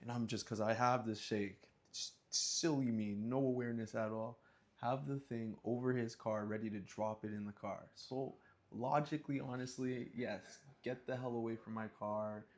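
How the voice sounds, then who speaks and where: A man casually telling a personal story, animated, with slang and sudden high-pitched acted outbursts. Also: moderate pace. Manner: animated, acts out scenes with sudden high yelps and sound effects; relaxed slang-laced talk.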